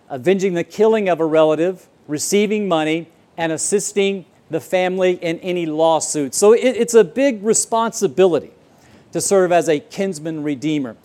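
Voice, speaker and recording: Male pastor, slightly higher voice, earnest storyteller, sermon delivery. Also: warm tone. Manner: earnest storytelling, repeats words when starting a sentence. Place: church auditorium.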